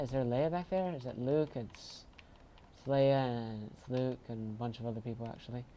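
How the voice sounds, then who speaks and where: A man casually commentating his own video game play, chatty and bursting into excited shouts. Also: mid-range voice, a little hiss or hum. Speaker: gaming channel host.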